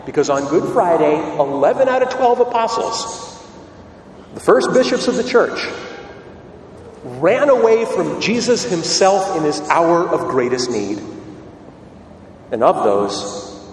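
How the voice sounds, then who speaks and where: A man's voice: a little high, very animated, slow, long pauses, a little hiss or hum. A man preaching a sermon, telling the story dramatically and asking rhetorical questions. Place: church. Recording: echoey hall, distant mic, faint ambience.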